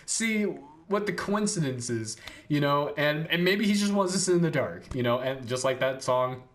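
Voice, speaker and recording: A man's voice: on the high side, expressive, normal speed, a bit bright. Giggly, rambling young man. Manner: giggly, rambling, lots of fillers. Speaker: history mystery YouTuber. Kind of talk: reading a script with rambling asides.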